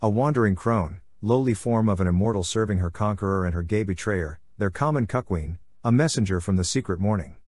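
Male audiobook reader, lowish voice, dead dry studio sound, even reading. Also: a little fast, few pauses, no room sound. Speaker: audiobook narrator. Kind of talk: scripted narration.

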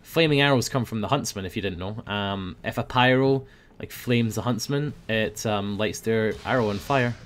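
A young man giving playful commentary over a video game, breaking into loud high yells when the action heats up. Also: moderate pace, a little hiss or hum. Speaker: gaming video host. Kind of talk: casual gameplay commentary.

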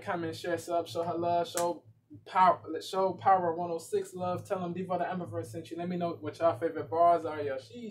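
A man's voice: on the high side, slight background noise. A man hosting a reaction video, talking casually with slang and lots of repetition. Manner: laid-back, repeats himself, slangy asides.

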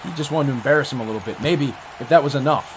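A man giving excited, profane play-by-play commentary on a wrestling match, often breaking into yells. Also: medium pitch, very fast.

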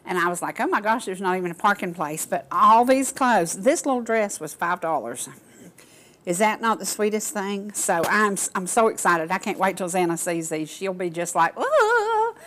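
A woman's voice: lowish voice, fairly bright tone. Gushing folksy woman host. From Georgia, US. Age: older. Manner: gushing, folksy, addresses audience as y'all. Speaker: talk show host. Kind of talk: casual chat to viewers.

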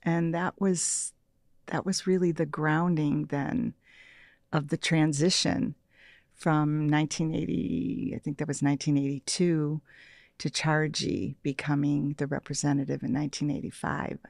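A woman in her sixties, an interview guest, who tells personal stories in a soft, reflective way and often drops to a near-whisper. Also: low-pitched, flat delivery, a little slow, vocal fry, no echo, studio quality. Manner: soft-spoken, often trails into quiet near-whispers, laughs lightly. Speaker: interview guest, meditation practitioner.

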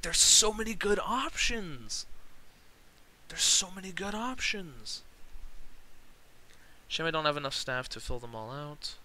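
A young man streaming a game, reading its text aloud and gushing with excitement, swearing freely and rambling. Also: medium pitch, clean tone, poor audio.

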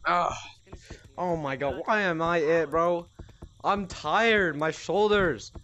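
A man playing a VR game in a small room at home, recording through a headset mic as he yells and trash-talks at other players. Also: fairly high pitch, slow pace, dull audio. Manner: rowdy, trash-talking, yelling at other players. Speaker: gamer. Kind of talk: VR gameplay commentary.

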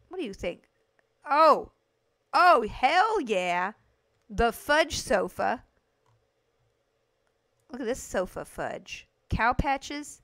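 A woman livestreaming a game, chatting to her viewers in a chatty, gushing, excitable way. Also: a little high, vocal fry, no echo, clean studio sound. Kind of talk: casual gameplay commentary to chat.

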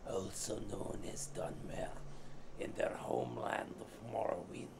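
A man's voice: on the low side, very animated, unhurried, vocal fry. A man on a podcast reading video game lore aloud in a playful way, often breaking into laughter. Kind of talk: joking reading of game text in put-on voices. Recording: noisy stream audio.

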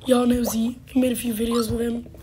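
A woman with a hoarse voice hosting casual gameplay commentary, halting and full of fillers, now and then dropping to a whisper. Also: a little high, level tone, mellow, slight background noise. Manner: halting, with many fillers and sudden drops to a whisper. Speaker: gaming channel host.

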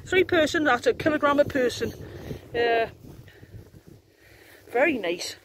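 A jokey woman vlogging into a handheld camera up on the open hills. She talks in an easy, excitable way, with a faint hiss of outdoor noise behind her. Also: high-pitched, fairly quick. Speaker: vlogger, wild camper. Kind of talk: casual outdoor vlog narration.

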